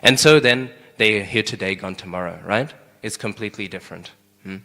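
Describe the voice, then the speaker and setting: A young man giving a relaxed scripture class, talking conversationally and tagging "right?" onto his points. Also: lowish voice, a little fast. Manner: conversational, keeps asking "right?". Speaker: class speaker. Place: temple hall. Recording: hall with long reverb.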